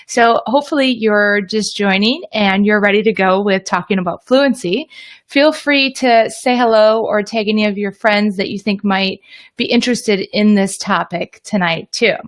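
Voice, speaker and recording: Upbeat woman teaching on a livestream. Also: mid-range voice. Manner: upbeat, greets viewers by name. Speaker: teacher trainer hosting a live video.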